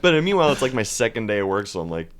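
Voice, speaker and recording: Low-ish young dude chatting, swears a lot, voice jumps around, laughs easy. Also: male voice, sing-song, very fast. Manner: blunt, swears freely, laughs often. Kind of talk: casual chat.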